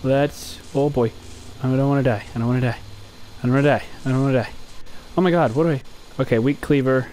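A young man commentating his gameplay, jumpy and talking back at the game, yelping and shouting at times. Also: medium pitch, fast. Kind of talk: let's play commentary. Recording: noisy game audio underneath.

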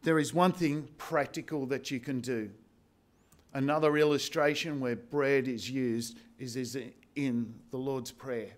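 A man preaching a sermon as pastor, slow and emphatic with repeated phrases. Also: medium pitch, steady tone. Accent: Australian.

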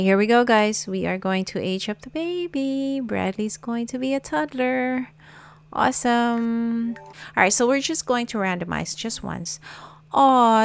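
A woman's voice: mid-range voice, creaky. A woman giving casual let's-play commentary, chatty and cooing over cute things, often laughing. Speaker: gaming YouTuber.

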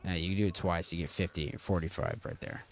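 A man's voice: sits low, fairly even intonation, fast talker, slight background noise. A man hosting a casual video game tutorial, rambling and stop-start with lots of fillers. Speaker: gaming channel host.

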